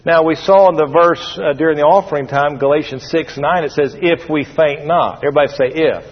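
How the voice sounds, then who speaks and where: A man with a slightly fast, breathy voice on the high side preaches to a congregation in church, emphatic and repetitive as he calls for their responses. The audio is dull and lo-fi with long hall reverb.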